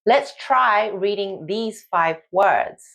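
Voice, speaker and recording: A woman's voice: mid-range voice, takes it slowly, a bit bright. A woman with a Korean accent teaching beginners, reading syllable drills aloud for listeners to repeat. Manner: reads syllables aloud one by one in careful drill rhythm.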